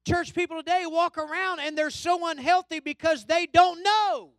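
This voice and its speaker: A man preaches with a very high voice. He drops to low asides, then builds into loud call-and-response shouts at his congregation. The sound is dry and close. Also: steady tone, moderate pace, no echo. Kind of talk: sermon. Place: church hall.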